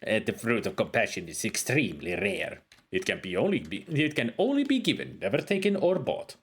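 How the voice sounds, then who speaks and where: A man voicing a scholarly male desert wizard in a game, reading slowly and deliberately in a put-on foreign accent. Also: mid-range voice, sing-song, a bit bright, husky. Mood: earnest.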